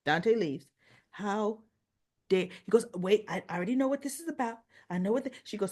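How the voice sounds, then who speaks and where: A woman's voice: mid-range voice, brisk. A woman hosting a casual soap opera recap, retelling scenes and acting out the characters' lines. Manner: animated storyteller, acts out quoted dialogue.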